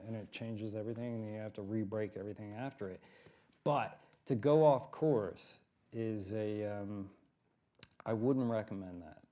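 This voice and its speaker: A man's voice: fairly low pitch, mellow. A man on a writers' panel giving practical advice in a hesitant way, full of fillers. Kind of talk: panel discussion answers.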